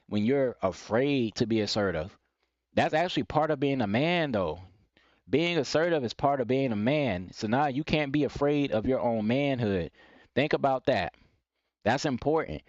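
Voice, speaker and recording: A man's voice: medium pitch, no echo, dull audio. A man giving blunt, repetitive advice in a live stream monologue. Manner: blunt, preachy, repeats points, mocks timid phrasing in quoted voices. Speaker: live stream host giving dating and self-improvement advice.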